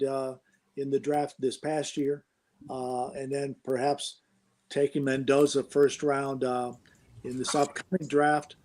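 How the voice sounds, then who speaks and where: A man's voice: mid-range voice, mellow. A man giving casual sports analysis, hesitant and thinking aloud with many fillers.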